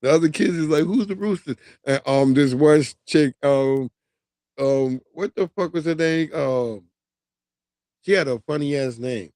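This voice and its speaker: A man telling a long, profane childhood story on his livestream in a streetwise, animated way. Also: mid-range voice, unhurried, no room sound, clean studio sound. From New York. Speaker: livestream host. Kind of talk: casual storytelling.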